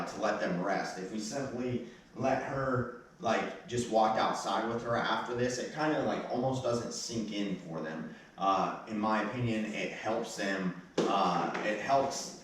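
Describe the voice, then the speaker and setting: A fairly low-voiced man trains a dog and explains as he goes, mixing brisk commands with easygoing talk. He is heard from a little way off the mic, in a strongly echoing indoor space with a concrete floor. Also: recorded from a distance, slight background noise. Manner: short firm commands mixed with relaxed explanations. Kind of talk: casual instructional talk during training. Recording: echoey room, voice from off-mic.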